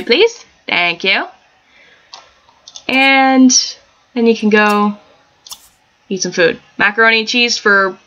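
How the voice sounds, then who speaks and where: Her mid-range voice has a sharp edge as she giggles and rambles through casual commentary on a life-sim game. She runs a gaming channel, and this is a relaxed let's-play recorded on a dull, lo-fi home mic.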